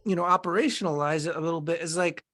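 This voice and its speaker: A woman's voice: lowish voice, fast talker, a bit bright. Reflective woman musing on awareness. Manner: meandering and reflective, acting out inner voices in quotes. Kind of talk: casual podcast conversation.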